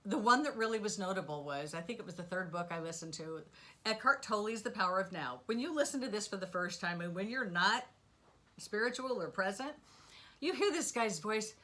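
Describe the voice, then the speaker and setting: A middle-aged woman telling a rambling personal story in a casual monologue, animated and full of asides and sound effects. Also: mid-range voice, fairly quick. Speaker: spiritual vlogger.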